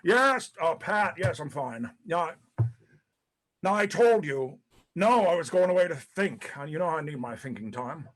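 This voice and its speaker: A man's voice: fairly high pitch, lively intonation, unhurried. A man playing a disgraced, paranoid ex-president in a one-man stage monologue, profane and rambling, stammering between bluster and self-pity. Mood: phone call, distraught. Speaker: actor in a one-man play. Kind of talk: live-streamed stage monologue.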